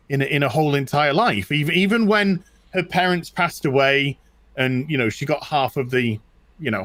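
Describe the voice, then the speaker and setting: A man's voice: medium pitch, no echo. A middle-aged British man in casual chat, telling personal stories with lots of restarts and repetition. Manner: animated, repeats himself, tells stories. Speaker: co-host.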